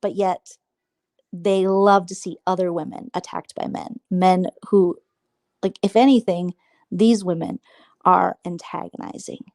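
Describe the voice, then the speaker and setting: A woman's voice: fairly even intonation, measured pace, darkish tone, dry recording. A woman hosting a casual late-night livestream, rambling and sarcastic, mocking others by mimicking them. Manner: gossipy, mocking, mimics others in high squeaky voices. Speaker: livestream host.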